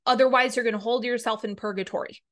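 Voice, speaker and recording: A woman's voice: fairly high pitch, steady tone, fast, fairly bright tone. A woman hosting a podcast as a reverend, giving a blunt, emphatic motivational talk, swearing freely and repeating words for stress.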